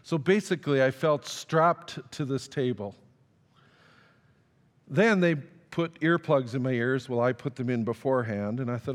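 A male pastor tells a story from the pulpit in an easy, self-deprecating manner. His voice sits at an average pitch. The sound rings with the long reverb of a large church hall. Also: a little slow. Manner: conversational, self-deprecating, acts out quoted dialogue. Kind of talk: storytelling sermon. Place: church sanctuary.

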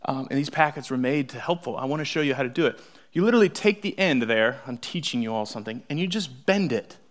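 A young adult man preaching a sermon with humorous stories, swinging from loud exclamations to hushed asides. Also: mid-range voice, animated, fast. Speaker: pastor.

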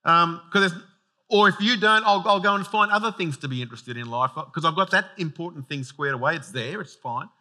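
A man preaching a sermon in a conversational, animated way with humorous asides. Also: on the high side, a little fast. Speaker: pastor.

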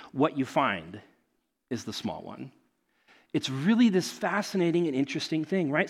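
Casual, rambling young pastor. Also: male voice, sits high, fairly bright tone. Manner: casual, storytelling, many fillers, laughs at own stories. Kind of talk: sermon.

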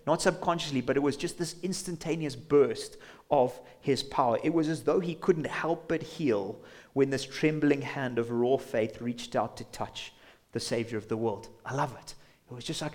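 A man's voice: mid-range voice, moderate pace, darkish tone. A man preaching a sermon as pastor in a church, passionate, sometimes acting out imagined voices. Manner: impassioned, acts out imagined inner voices.

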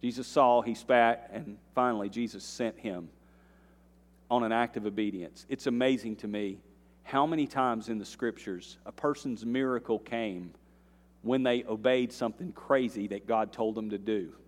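A man preaching a sermon in a church, his voice ringing with the long reverb of a large hall. He moves between soft, earnest stretches and loud climbs in intensity, with folksy asides to the congregation. His pitch sits in a middle range for a man. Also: moderate pace. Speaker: pastor. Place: church sanctuary.

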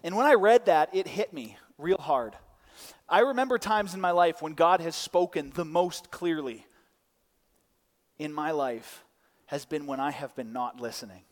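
A man's voice: fairly high pitch, a little slow, in a large hall. A man in his thirties preaching a sermon, telling stories and acting out voices. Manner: lively storytelling, acting out voices. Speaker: pastor.

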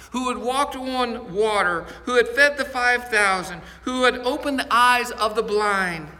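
A man's voice: extremely high pitch, pushed and bright, long reverb tail. A male pastor preaching a sermon in an earnest storytelling manner, often repeating words as he goes.

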